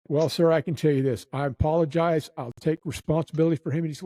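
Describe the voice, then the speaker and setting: A man with a fairly high, mellow voice tells a story in loose, casual chat. He acts out the people he quotes with lively shifts of tone. The sound is close and dry. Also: fast talker, no echo, low-quality recording. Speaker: nightclub manager telling stories.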